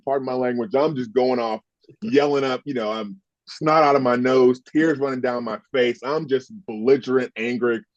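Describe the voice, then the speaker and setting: Speaking at a medium pitch, a fifties-aged man from the US who used to play football narrates interview anecdotes with emphasis and heat, cursing now and then. There's slight background noise, and the audio is dry and somewhat dull.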